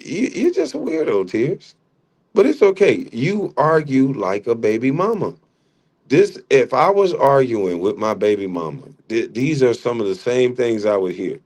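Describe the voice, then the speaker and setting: The livestream host, a middle-aged man with a mid-range, a little mellow voice, gets into a heated argument with a rival. He mocks him combatively and laughs often.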